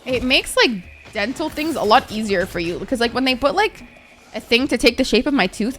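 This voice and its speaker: A woman's voice: fairly high pitch, fairly quick, slight background noise. Chatty young woman streamer. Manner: rambling, animated storytelling. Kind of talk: casual chat while gaming.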